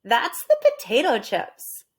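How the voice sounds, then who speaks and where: An eager, literal-minded young housekeeper, as a woman reads her aloud in a storybook. She talks in a high, earnest voice that climbs and dips widely, full of wide-eyed questions. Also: wildly swooping pitch, slow pace, heavily acted. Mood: eager, puzzled.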